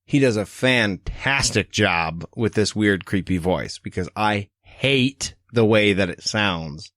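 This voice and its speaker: A man co-hosting a casual podcast about a book, talking in a lively, profane way and acting out quotes. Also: fairly low pitch, slow pace, no room sound, clean studio sound. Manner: animated, profane, acts out quotes. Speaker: podcast co-host. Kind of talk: casual book-discussion chat.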